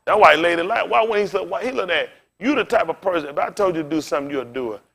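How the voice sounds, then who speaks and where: A man preaching a sermon as pastor, in a casual style with big swings in pitch and loudness and direct asides to the congregation. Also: expressive, very fast, vocal fry.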